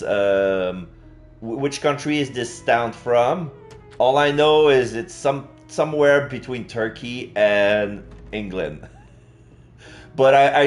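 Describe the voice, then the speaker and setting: A man talks through a game on a live stream, slowly and unhurriedly. He pauses often, restarts his sentences, and fills the gaps as he thinks aloud in casual, friendly commentary. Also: mid-range voice. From Quebec. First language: French. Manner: slow, halting, many fillers and restarts.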